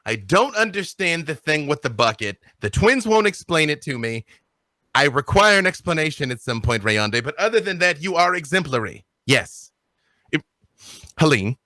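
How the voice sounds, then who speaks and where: A man's voice: on the high side, big pitch swings, moderate pace, bright, forceful tone, no room sound, pitched above the performer's own voice. A man voicing a brash female cat-folk ship captain with an imperious manner and a wavering put-on accent. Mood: brusque.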